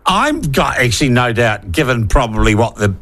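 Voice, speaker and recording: A man's voice: medium pitch, very animated, moderate pace, a bit bright. A man hosting a political radio discussion, pushing his guests with sardonic questions. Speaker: radio host.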